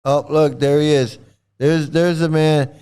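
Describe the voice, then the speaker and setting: A man's voice: on the high side, fairly even intonation, unhurried, a little mellow, soft background music. A man hosting angry reaction commentary, talking heatedly with a lot of swearing and repeating himself. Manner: heated, profane, repetitive. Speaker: commentary channel host.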